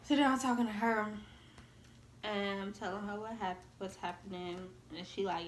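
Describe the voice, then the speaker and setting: A woman's voice: medium pitch, moderate pace. A young woman telling a relationship story in casual vlog chat, acting out the voices of the people she quotes. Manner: animated, acts out quoted voices. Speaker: vlogger, storytelling half of a couple. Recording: echoey room with faint noise.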